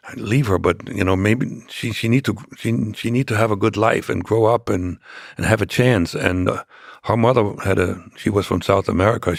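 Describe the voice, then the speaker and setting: Older man, deep gravelly voice, halting storyteller, dry close sound. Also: no echo. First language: German. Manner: halting, many restarts and fillers. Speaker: interview guest. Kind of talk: storytelling in an interview.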